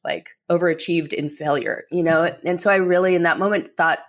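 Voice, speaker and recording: A woman's voice: on the low side, fairly even intonation, a little fast. A middle-aged woman, a memoir author, telling her own story as an interview guest, candid and emotional, leaning on "you know".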